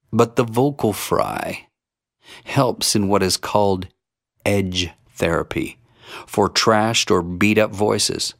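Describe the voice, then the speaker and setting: A man giving a singing lesson as a vocal coach, explaining and demonstrating vocal fry. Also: on the low side, no echo, studio quality.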